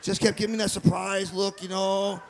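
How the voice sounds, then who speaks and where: A male stand-up comedian from Michigan, chatting with the crowd, laughing at his own jokes and jumping between bits with quick asides. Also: high-pitched, little pitch movement, gravelly, noisy background.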